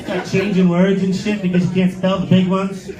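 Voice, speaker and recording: This high-pitched middle-aged comic delivers his stand-up at a moderate pace in a completely flat tone, spinning crude, sarcastic stories with acted-out quotes. The recording is very noisy, capturing a roomy club and laughing audience.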